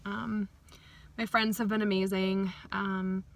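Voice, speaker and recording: Flat-voiced woman rambling through a vlog update. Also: medium pitch, slow pace, creaky. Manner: candid and rambling, full of "um" and "like"; speaks plainly about grief and dieting. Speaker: vlogger. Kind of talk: casual personal video update.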